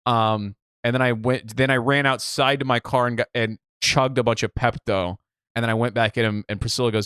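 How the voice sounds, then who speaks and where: A young man from the Midwest tells a rambling story on a casual podcast, cursing freely and acting out every line he quotes. His voice is smooth and resonant at a middle pitch. The sound is close and dry, with no room behind it. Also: fairly quick, dry recording. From Midwest United States. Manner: animated storyteller, swears, acts out quotes. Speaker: podcast co-host.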